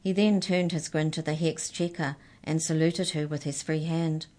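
A woman reads a children's story aloud in a low, gentle voice. Her narration is expressive and measured, made to carry a young listener through the tale.

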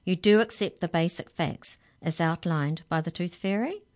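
A woman reading a storybook, voicing a stern, brisk female hex checker who asks clipped questions. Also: on the low side, darkish tone, lightly acted.

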